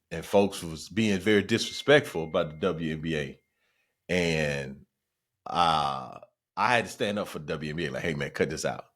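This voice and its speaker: Guy on his podcast telling a funny story, lowish voice, jumps into everyone's voices. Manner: animated, jumps into other people's voices. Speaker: podcast host. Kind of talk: casual storytelling.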